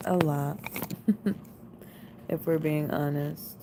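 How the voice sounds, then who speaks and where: A woman in her late twenties with a drawl talks to her live-stream viewers in a low, unhurried voice. She rambles casually, full of "like" fillers. A faint room hum sits underneath. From United States. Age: 20s. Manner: rambling, relaxed, lots of "like" fillers. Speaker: livestream host.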